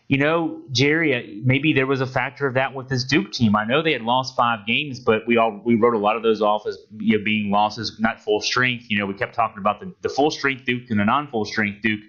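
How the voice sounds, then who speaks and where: A man's voice: medium pitch, pushed and bright. A man hosting a casual sports podcast, rambling with many restarts and fillers. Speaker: podcast host. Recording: dull lo-fi audio.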